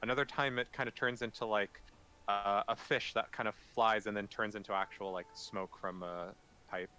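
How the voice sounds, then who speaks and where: A young man runs a tabletop game with loose, rambling narration. His voice is bright and a bit low. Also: steady tone, normal speed, clean tone. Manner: casual, lots of "like" and "kinda". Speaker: game master.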